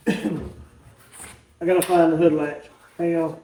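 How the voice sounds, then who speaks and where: A man's voice: a little high, little pitch movement, slow, dark tone, a little hiss or hum. Folksy man telling car stories. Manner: folksy, rambling storyteller. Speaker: car hobbyist host. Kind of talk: casual storytelling walkaround.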